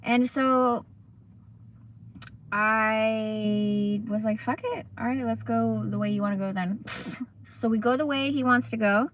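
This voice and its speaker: A woman's voice: a little high, fairly even intonation, slow pace, long pauses, a little hiss or hum. A young woman casually chatting on a livestream, telling rambling stories full of swearing and asides. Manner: rambling, profane, chatty storytelling. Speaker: livestream host.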